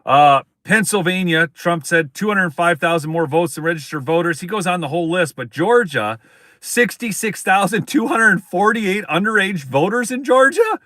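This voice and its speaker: Male stream host, higher-pitched, emphatic and repetitive, dry close-miked sound. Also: expressive, normal speed, pushed and bright, no room sound. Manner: emphatic, repeats points, addresses viewers as folks. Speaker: political commentary host. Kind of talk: live-stream political commentary.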